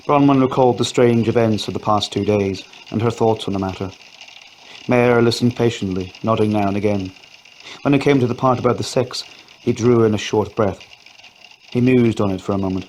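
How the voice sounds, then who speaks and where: A man narrating a ghost story in a quiet, steady reading voice. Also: on the low side, a little fast, slight background noise. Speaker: audio story reader. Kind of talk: scripted narration.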